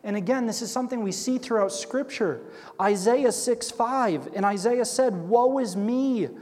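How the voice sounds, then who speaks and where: A man's voice: sits high, moderate pace, a little mellow. A man leading a Bible study, reading scripture aloud and explaining it in a conversational way, often checking in with "right?". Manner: acts out quoted characters with shifting voice. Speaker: Bible teacher. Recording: long hall reverb.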